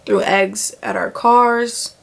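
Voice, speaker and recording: A woman's voice: medium pitch, slow, creaky. Young woman vlogger, casual storytime, acts out the voices in her story. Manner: animated retelling, acts out quoted voices, filler "like" often.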